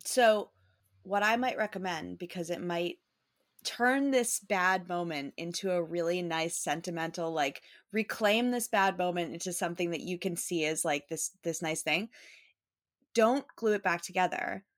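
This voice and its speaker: A woman in her thirties co-hosting a podcast, chatting casually and backing up her friend with quick agreement and laughter. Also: fairly low pitch. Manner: supportive, frequent laughs and affirming interjections. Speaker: podcast co-host. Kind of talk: casual chat.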